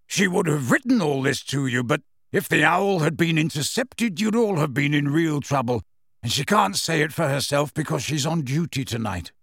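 A man voicing a wry, teasing grown man in an audiobook reading, delivered with lively intonation. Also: fairly high pitch, moderate pace, vocal fry, husky, dry recording, studio quality, heavily acted. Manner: teasing, self-assured.

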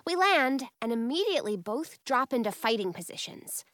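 A woman's voice: high voice, sing-song, moderate pace, few pauses, a bit bright, no room sound, clean studio sound. A woman reading a first-person storybook expressively and playing every character. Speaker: storybook narrator.

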